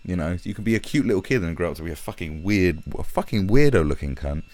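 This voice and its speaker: A man's voice: deep voice, lively intonation, quick pace, darkish tone, no echo. A man ranting sarcastically and swearing heavily as he reads and picks apart statistics on a live stream.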